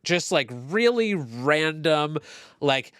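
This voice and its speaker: A man's voice: fairly high pitch, expressive, takes it slowly, fairly bright tone, clean tone, dry recording. A man co-hosting a tech podcast, rambling in a casual, self-deprecating way with many fillers. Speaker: podcast co-host. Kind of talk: casual chat.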